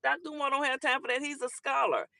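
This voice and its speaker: A woman hosting a casual livestream talk show, chatting and teasing commenters with a laughing, animated manner. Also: high voice, fast talker, vocal fry, no room sound, clean studio sound.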